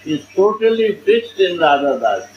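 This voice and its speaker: A man teaching a devotional class, explaining verses in earnest, halting and repetitive English. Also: high-pitched, very animated, echoey room, lo-fi sound, slight background noise. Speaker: spiritual teacher.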